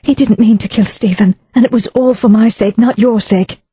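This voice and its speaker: A woman narrator voicing a gentle aristocratic wife who pleads and soothes. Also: fairly high pitch, fairly even intonation, moderate pace, husky, no room sound, pitched above the performer's own voice. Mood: pleading.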